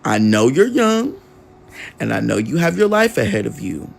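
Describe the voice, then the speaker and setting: A man quoting his adoptive mother, speaking slowly and deliberately in a calm, serious tone close to his own voice. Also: medium pitch, vocal fry. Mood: solemn. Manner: slow, deliberate, solemn.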